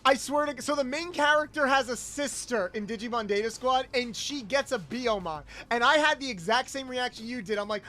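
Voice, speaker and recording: A young man streaming a video game, chatting casually with viewers, loud and animated with swearing. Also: extremely high pitch, normal speed, faint music behind. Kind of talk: casual gameplay livestream chat.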